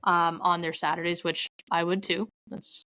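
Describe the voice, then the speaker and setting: Here the same sort of chatty Canadian podcast guest, a young woman, spins loose stories heavy on "like" and quoted asides. Her low voice sounds flat and sharp at a normal pace, and the recording is echo-free yet rough.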